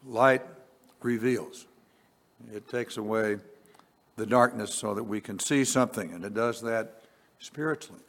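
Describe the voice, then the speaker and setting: A man preaching a sermon, reading scripture slowly and deliberately, rising on key words and dropping quiet on asides. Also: fairly low pitch. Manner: slow, deliberate, swells on scripture then drops quiet. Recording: long reverb.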